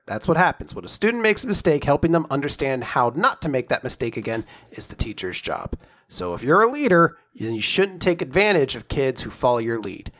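A man's voice: mid-range voice, sing-song, fairly quick, a bit bright. A young man in casual chat, animatedly retelling a chapter and jumping into character voices as he goes. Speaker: podcast co-host recapping a manga chapter.

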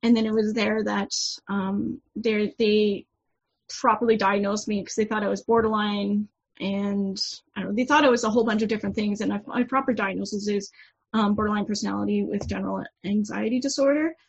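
A woman in her thirties telling her personal story frankly as a podcast guest, halting with many fillers. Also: medium pitch, steady tone, gravelly, husky. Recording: dull lo-fi audio.

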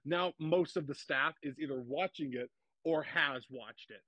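A man's voice: a little high, a little slow, sharp tone, dry recording, rough recording. A young man as an interview guest, talking eagerly and gushingly, repeating himself with lots of restarts. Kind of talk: casual interview chat.

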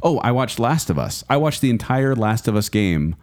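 A man's voice: mid-range voice, big pitch swings, normal speed, a little mellow. A man co-hosting a podcast in casual chat, rambling enthusiastically with many fillers and restarts. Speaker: podcast co-host.

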